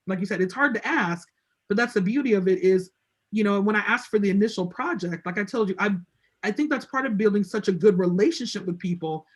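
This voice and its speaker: A woman's voice: mid-range voice, husky. Chatty woman telling a story. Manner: chatty, acts out quoted voices. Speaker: interview guest. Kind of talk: casual storytelling on a video call.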